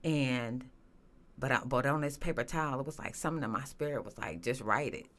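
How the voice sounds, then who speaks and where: A woman telling her personal story as a guest, earnest and halting, with many restarts and fillers. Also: very deep voice, fairly bright tone. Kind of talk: emotional personal testimony.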